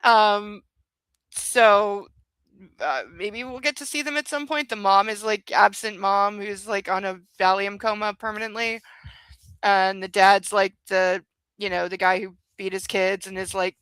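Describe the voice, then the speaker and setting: A woman's voice: medium pitch, steady tone, measured pace, fairly bright tone, smooth, no echo, poor audio. A woman hosting a book club video, chatting casually about a novel with plenty of ums and likes.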